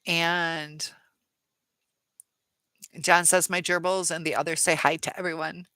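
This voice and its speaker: A woman's voice: lowish voice, flat delivery, unhurried, sharp tone, clean tone, dry recording. A woman hosting a live chat Q&A, reading viewer comments aloud and answering them in a chatty way with many fillers. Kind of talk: casual live-stream chat.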